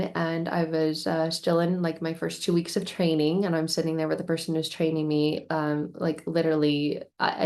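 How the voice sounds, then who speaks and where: A woman's voice: low voice, vocal fry, darkish tone. A woman vlogger telling a painful personal story candidly, in an emotional, rambling way with many restarts.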